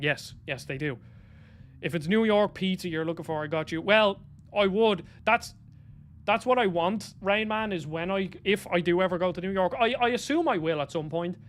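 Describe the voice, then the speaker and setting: A man's voice: high-pitched, a little fast. A young Irish man chatting casually on a live stream, rambling as he answers viewers by name. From Ireland. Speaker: streamer reading chat.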